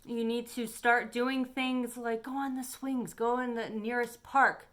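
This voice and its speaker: A woman's voice: a little high, level tone, unhurried, fairly bright tone. A woman tarot reader giving a chatty, encouraging weekly energy forecast to her camera. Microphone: camera on her face.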